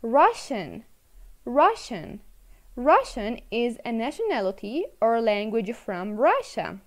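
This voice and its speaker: A woman's voice: fairly high pitch, sing-song, slow. A woman teaching an English video lesson to children, encouraging, repeating words and switching into to explain.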